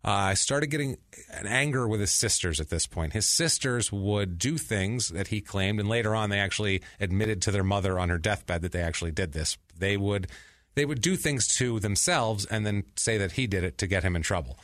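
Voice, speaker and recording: A man's voice: lowish voice, animated, moderate pace, fairly bright tone, dry recording, studio quality. A man hosting a podcast, telling a crime story casually with many restarts and asides. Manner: rambling, frequent restarts and asides. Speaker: podcast host.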